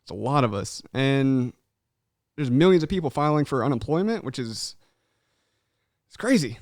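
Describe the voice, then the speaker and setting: A young podcast host chats casually and animatedly, swearing freely and calling everyone "man." His voice is medium-pitched, sing-song and a little mellow, at a moderate pace. The studio sound is clean with no echo.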